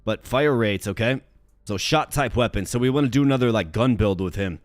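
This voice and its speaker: A man's voice: mid-range voice, brisk, no room sound, soft background music. A man from Minnesota, hosting a gaming channel, giving chatty, upbeat, slang-filled commentary while he plays. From Minnesota, USA. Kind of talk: casual gameplay commentary.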